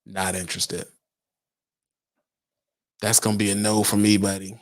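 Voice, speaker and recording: A man's voice: lowish voice, flat delivery, a little slow. A young adult man, a truck driver, talking casually on a livestream, firing emphatic rhetorical questions at his viewers.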